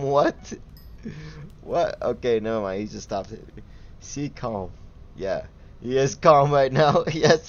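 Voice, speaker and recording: A man's voice: medium pitch, lo-fi sound. A young man giving casual, giggly commentary while livestreaming a game and chatting with viewers. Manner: giggly, easily excited, chatty with chat. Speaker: gaming livestreamer.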